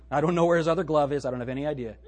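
A man preaching a sermon as pastor, reading scripture aloud and swinging between loud and hushed delivery. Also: on the high side, very fast. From United States. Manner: quotes scripture in old-fashioned wording.

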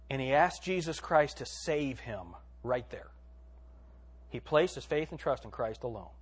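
A man preaching a sermon in a church, swinging between hushed, drawn-out phrases and loud emphatic lines. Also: a little high, slightly rough. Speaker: pastor.

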